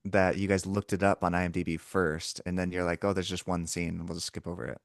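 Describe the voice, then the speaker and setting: A soft-spoken man co-hosting a podcast, retelling anecdotes in a casual movie chat and trailing off at the ends of thoughts. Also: low voice, level tone, fairly quick, vocal fry, dry recording, studio quality. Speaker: podcast co-host.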